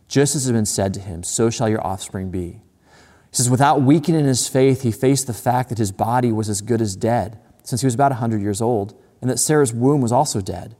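Man, sermon, earnest and repetitive, mellow low voice, long reverb. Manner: earnest, repeats phrases, reads scripture aloud with slowed emphasis. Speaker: pastor.

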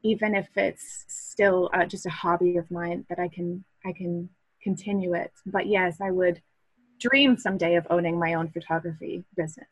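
A woman's voice: lowish voice, steady tone, moderate pace, slightly rough, no room sound, low-quality recording. Earnest woman, dry close sound. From Massachusetts, USA. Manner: earnest, reflective, with restarts and soft laughs. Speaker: podcast guest, hobby photographer. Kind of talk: casual interview chat.

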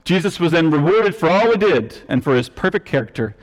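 A man's voice: a little high, very animated, fairly quick. A male preacher delivering a teaching sermon, emphatic and explanatory, with self-deprecating asides. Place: church sanctuary. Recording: long reverb of a church hall.

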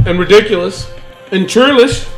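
A man hosting a casual podcast, rambling and swearing freely as he gives his opinions on wrestling. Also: high voice. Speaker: podcast host.

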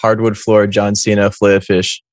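A man's voice: fairly low pitch, level tone, brisk, dry recording, studio quality. A young man guesting on a podcast, a streamer giving short, laid-back answers in casual chat.

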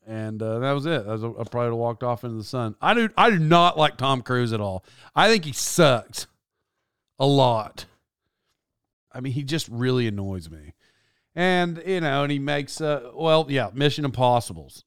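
A man's voice: mid-range voice, animated, normal speed, fairly bright tone, clean tone, no room sound, clean studio sound. Rambling, sarcastic man on a comic rant. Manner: sarcastic, self-interrupting, stumbling restarts. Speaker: comedic commentator.

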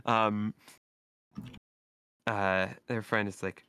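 Low, slow male game master, halting, smooth dry voice. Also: steady tone, sharp tone, no echo. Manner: halting, filler-heavy narration. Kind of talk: narrating a tabletop game.

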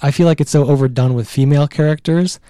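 Mellow-voiced man chatting about books. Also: on the high side, fast talker, smooth, dry recording, clean studio sound. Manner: animated, chatty, acts out quotes. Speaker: podcast co-host. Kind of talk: casual book discussion.

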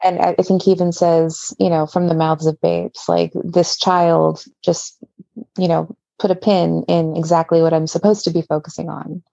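A woman guest on a podcast, talking things over in a thoughtful, measured way, in a dull lo-fi recording. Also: lowish voice, flat delivery, vocal fry, warm tone, no room sound. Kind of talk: casual podcast chat.

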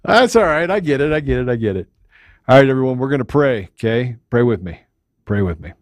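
A man co-hosting a podcast, talking loud and upbeat and laughing often. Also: mid-range voice, lively intonation, brisk, no room sound. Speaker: podcast co-host. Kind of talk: casual chat.

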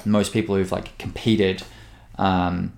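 A young man on a podcast, talking quickly with lots of "like" and restarts. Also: low voice, flat delivery, vocal fry, a little mellow, slight background noise. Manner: quick, hesitant talk full of "like" and restarts. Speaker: podcast co-host, former fighter. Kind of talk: casual podcast chat.

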